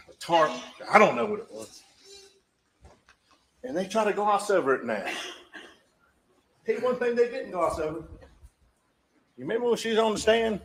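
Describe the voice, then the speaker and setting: A man's voice: on the high side, gravelly, a bit bright, a little hiss or hum, low-quality recording. A man giving a closing argument as a prosecutor in a courtroom, emphatic and full of rhetorical questions that drive home each point.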